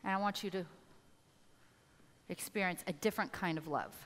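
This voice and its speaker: A woman's voice: fairly low pitch, moderate pace, fairly bright tone, long reverb tail. A woman giving a live motivational talk, rallying the audience with direct questions. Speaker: motivational speaker.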